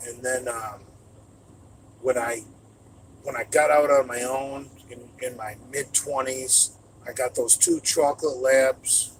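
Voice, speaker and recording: A middle-aged man, a trucker, in casual storytelling chat, loud and profane and given to sudden shouts, talking from inside his truck cab. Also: mid-range voice, steady tone, takes it slowly, a little hiss or hum, low-quality recording. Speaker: streamer answering chat.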